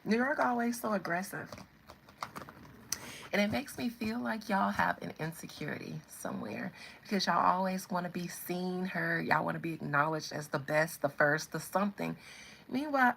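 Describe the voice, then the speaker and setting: A woman's voice: lowish voice, creaky, fairly bright tone, a little hiss or hum, low-quality recording. A woman in her thirties with a Southern American accent, chatting to viewers in a sassy, teasing way. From Southern United States. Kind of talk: casual chat to viewers.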